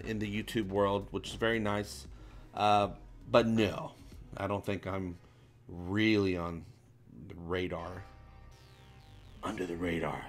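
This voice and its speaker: A man hosting a casual fan livestream, reading viewer comments aloud and joking in an animated, playful way. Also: mid-range voice. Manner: animated, jokey, shout-outs to viewers. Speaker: livestream host.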